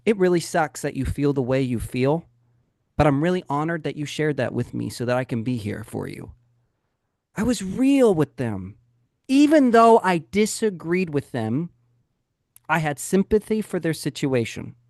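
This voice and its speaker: Animated man coaching on a webinar. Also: fairly high pitch, moderate pace, gravelly, no room sound, clean studio sound. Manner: animated storytelling, acts out dialogue. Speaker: real estate coaching webinar host. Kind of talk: live coaching webinar talk.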